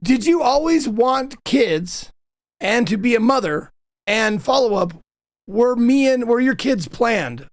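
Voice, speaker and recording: A young man hosting a chat with his mother, telling stories in a casual, animated way and laughing often. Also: very high voice, slow, dry recording, clean studio sound. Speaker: host interviewing his mother.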